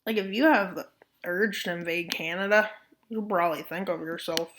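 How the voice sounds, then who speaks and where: Bright-voiced woman joking over a map. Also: lowish voice, normal speed, a little hiss or hum. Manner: joking asides, playful mock voices. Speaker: map video narrator. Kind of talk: casual commentary over a map scenario.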